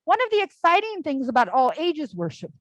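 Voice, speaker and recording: Lively, high-voiced woman giving a sermon. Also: brisk, no echo, dull audio. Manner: casual, storytelling, with frequent "like" fillers. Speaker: speaker at a church service. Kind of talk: conversational all-ages sermon.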